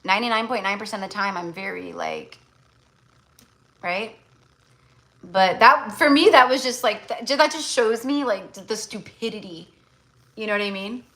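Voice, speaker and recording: A woman's voice: medium pitch, moderate pace, long pauses, pushed and bright, rough recording. A woman tarot reader in casual livestream chat, blunt and chatty, full of fillers.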